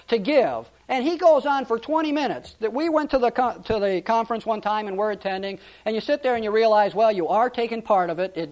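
A male pastor preaching a sermon in a conversational, storytelling way, with frequent restarts. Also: very high-pitched.

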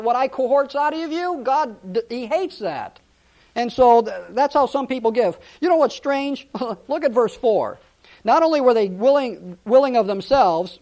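A man's voice: very high voice, a little mellow. A male pastor preaching a sermon in a conversational, storytelling way, with frequent restarts.

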